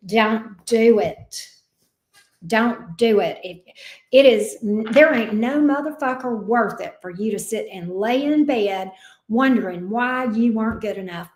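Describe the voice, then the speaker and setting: A woman's voice: medium pitch, echoey room. A woman giving a casual tarot reading, talking bluntly, swearing freely and getting worked up. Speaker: tarot reader.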